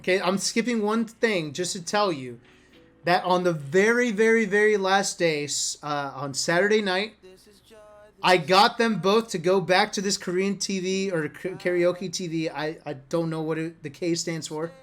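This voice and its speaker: A man telling travel stories in a casual vlog, animated and profane, often laughing as he talks. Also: high-pitched, moderate pace. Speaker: esports player vlogger. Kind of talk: casual storytelling monologue.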